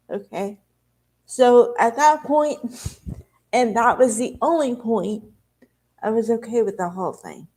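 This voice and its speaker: A woman vlogger speaks to her viewers in a slightly high voice. She takes her time, drawing out words in a slow, unhurried way. Her talk is candid and rambling, like a confession. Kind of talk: emotional casual talk to camera.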